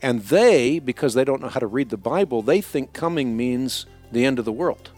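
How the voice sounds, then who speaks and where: A man's voice: mid-range voice, lively intonation, moderate pace, darkish tone, faint music behind. A man hosting a radio Bible teaching show, explaining scripture with emphatic, rising stress on key words.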